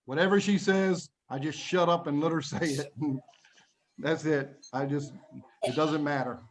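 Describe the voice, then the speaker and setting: A man's voice: a little high, fairly even intonation, a little slow, a little hiss or hum. Man teaching English online. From United States. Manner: patient, plain explanations with frequent laughs. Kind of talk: online English lesson for children. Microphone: video call.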